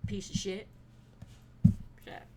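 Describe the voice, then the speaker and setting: A young woman hosting a casual solo podcast, venting in a profane, animated way with sudden loud bursts. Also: slow, heavy background noise. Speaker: podcast host.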